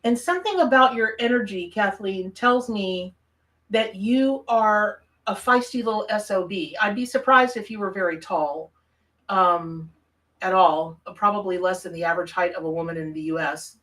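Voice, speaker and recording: A woman's voice: mid-range voice, moderate pace, a bit bright, far from the mic, poor audio. Chatty Southern woman, a bit off-mic. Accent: Southern American. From American South. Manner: chatty, reacts to viewer comments. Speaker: tarot reader hosting a live stream. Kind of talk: live-stream chat and reading.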